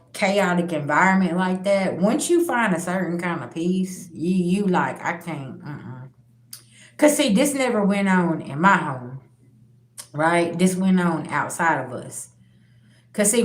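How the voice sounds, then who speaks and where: A woman hosting her spiritual channel, telling personal stories bluntly and with plenty of profanity, speaking straight to her viewers. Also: on the low side. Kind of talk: candid personal storytelling. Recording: roomy echo.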